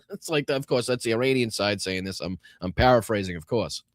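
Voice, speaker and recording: A man's voice: on the low side, animated, brisk, dry recording. A man with a Boston accent hosting live political commentary, sarcastic and profane, breaking into laughing asides.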